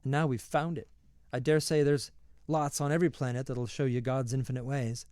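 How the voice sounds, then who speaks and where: A man's voice: medium pitch, flat delivery, fairly quick, darkish tone, no echo, clean studio sound, lightly acted. A man reading aloud, voicing a stern, commanding rocket captain thrown by what he finds.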